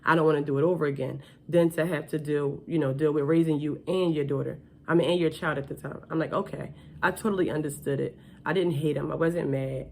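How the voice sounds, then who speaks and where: A woman's voice: low voice, fairly even intonation, fairly quick, vocal fry, few pauses, a little mellow, a little hiss or hum. A woman telling her life story in a casual, candid way, chatty and full of fillers.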